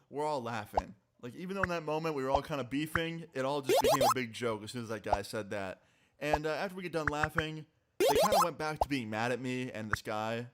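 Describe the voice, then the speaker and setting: A young man telling a casual, animated story on a live stream, swearing freely. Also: medium pitch. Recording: loud background noise.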